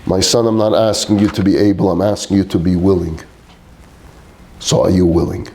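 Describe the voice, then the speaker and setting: A man acting out a stern, wounded father who presses his son with question after question, his voice climbing as he pleads. The tone stays mellow and warm even at its most fervent. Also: deep voice, a little fast, voice pushed down. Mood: firm, tender. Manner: impassioned rhetorical questioning.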